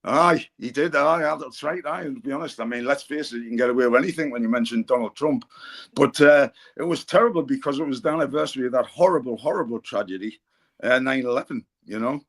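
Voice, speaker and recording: A man's voice: mid-range voice, quick pace, a bit bright. Rambling Geordie man telling stories. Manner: rambling anecdotal storyteller, frequent fillers and restarts. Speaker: pundit on a football fan podcast. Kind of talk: casual chat.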